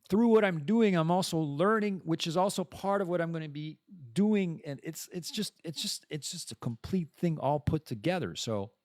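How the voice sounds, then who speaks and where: A medium-pitched male voice, captured with clean studio sound and no room sound. He hosts his own podcast, delivering a casual solo monologue that rambles, interrupts itself and wanders into playful asides.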